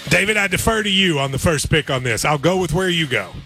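A man's voice: fairly high pitch, lively intonation, fast talker, bright, forceful tone, faint music behind. A man hosting a sports radio show, bantering playfully about picks. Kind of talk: casual sports betting chat.

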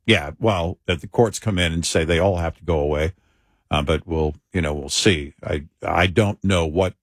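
Deep-voiced guy co-hosting, kinda hesitant, lots of uh and you know, dry sound. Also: no room sound. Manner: hesitant, measured, with many fillers. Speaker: talk show co-host. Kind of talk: casual political talk.

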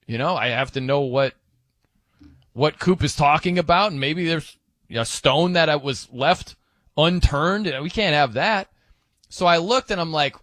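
A male sports radio host with a lively, swooping pitch, chatting in a loose, joking way full of fillers and self-corrections. His voice comes through a studio microphone, dry and close with no room sound. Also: no room sound. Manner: joking, rambling with fillers and restarts. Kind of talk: casual sports radio banter.

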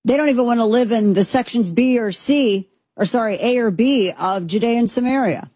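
A woman's voice: fairly high pitch, a little fast, warm tone, no echo. A woman hosting a political commentary show, speaking in an emphatic, impassioned way that rambles with restarts. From United States.

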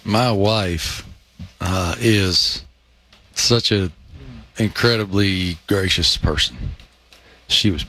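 Low-voiced man telling sports anecdotes. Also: extremely slow, long pauses, slight background noise. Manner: animated anecdotes, many fillers. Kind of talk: casual sports chat.

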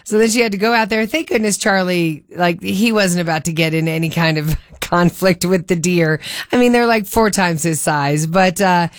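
A woman radio host casually telling a story on air in a chatty, animated way, bringing the people in it to life. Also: lowish voice, moderate pace, no room sound, clean studio sound. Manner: chatty, animated, acts out quotes.

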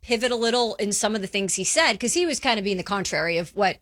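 A woman co-hosting a sports radio show, lively and playfully sarcastic. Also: medium pitch, quick pace. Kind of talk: casual sports radio chat.

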